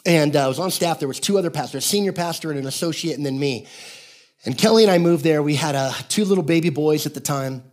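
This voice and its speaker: Higher-voiced pastor telling stories. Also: male voice, fast talker, darkish tone. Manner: storytelling, conversational, calls out to the congregation; acts out characters in quoted voices. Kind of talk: sermon.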